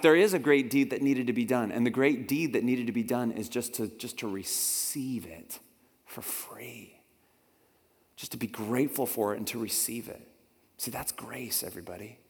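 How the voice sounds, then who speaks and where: A man preaching a sermon, telling a story with lively acted-out voices that swing from loud to hushed. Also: medium pitch. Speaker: pastor. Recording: long hall reverb.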